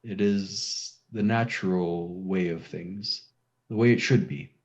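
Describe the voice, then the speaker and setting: A man voicing a calm, weary male water dragon in a tabletop game, speaking slowly and solemnly over a dull lo-fi recording. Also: sits low.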